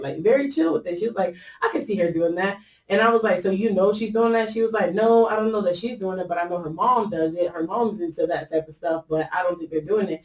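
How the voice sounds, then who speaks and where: Here a woman podcast host talks fast in a mid-range, darkish voice, rambling through a personal story. She restarts often and leans on fillers while quoting others, with a roomy echo from a mic set at a distance.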